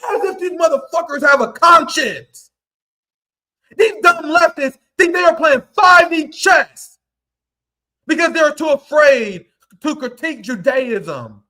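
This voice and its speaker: Furious high-pitched man ranting live. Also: lively intonation, slow. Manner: angry, profane, often shouting. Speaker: livestream host. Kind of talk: heated livestream rant.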